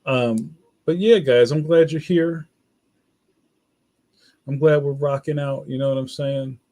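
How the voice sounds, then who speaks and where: A middle-aged man hosting a casual livestream chat, talking to viewers in a relaxed, slangy way and reading their comments aloud. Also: medium pitch, a little slow. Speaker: livestream host.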